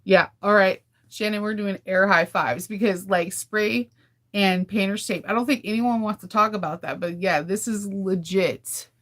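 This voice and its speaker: A woman's voice: medium pitch, steady tone, normal speed. A woman from California hosting a casual livestream, chatting candidly with viewers and laughing often. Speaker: livestream host. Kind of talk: casual chat with live viewers.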